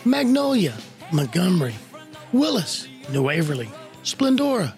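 A man's voice: sits high, big pitch swings, measured pace, darkish tone, faint music behind. A man hosting a local radio talk show, folksy and joking as he talks straight to his listeners. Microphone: studio microphone.

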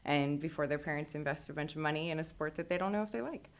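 A woman's voice: deep voice, quick pace. A woman who runs a riding academy and youth camps, explaining her programs as a guest on a radio talk show in a friendly way.

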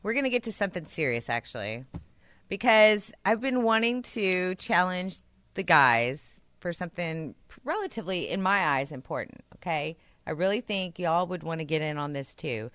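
A woman's voice: on the low side, lively intonation, normal speed, fairly bright tone, dry recording. A woman hosting a radio show, teasing her co-hosts and laughing a lot, with faint music behind. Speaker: radio host. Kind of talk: casual radio banter.

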